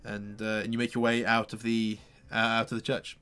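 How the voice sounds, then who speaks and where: A man's voice: lowish voice, monotone, normal speed, pushed and bright, soft background music. A man running a tabletop game as game master, narrating scenes in a rambling way with lots of restarts. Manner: rambling, full of fillers and restarts.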